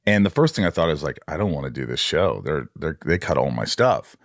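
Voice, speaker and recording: A middle-aged man hosting an interview, telling a story with lively acted-out dialogue. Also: extremely low pitch, fairly quick, no room sound, clean studio sound. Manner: animated, acts out quoted dialogue. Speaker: podcast host.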